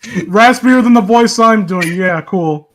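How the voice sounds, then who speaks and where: A man joking casually with friends during a story reading, playful and quick with remarks. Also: high voice, a bit bright, slight background noise. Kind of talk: casual chat.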